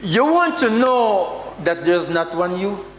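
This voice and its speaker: A Jamaican man preaches with a high, bright voice that leaps up and down, breaking into loud mock prayers. He takes his time between phrases. The sound rings around a large hall with a faint hum underneath. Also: very animated, slow. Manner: dramatic preaching with sudden shouts and mock prayers. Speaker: prophet preaching. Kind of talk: sermon.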